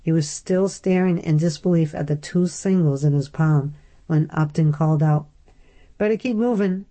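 Audiobook narrator: a woman, low and mellow, steady, even delivery.

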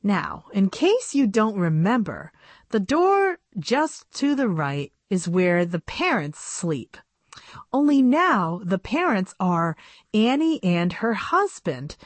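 A woman voicing a clever, bossy young girl doll in a bright, eager voice. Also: mid-range voice, very animated, takes it slowly, dry recording.

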